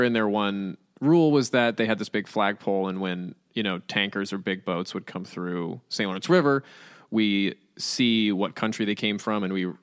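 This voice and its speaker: A man's voice: fairly low pitch, fairly bright tone, clean tone. A man who is a podcast guest, telling a story in casual chat with lots of fillers and easy laughter. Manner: rambling, filler-heavy, laughs easily.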